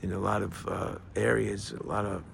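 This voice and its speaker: An older man talking in a casual, rambling monologue outdoors, halting often with fillers and restarts. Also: on the low side, level tone, gravelly, background noise. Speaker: vlogger.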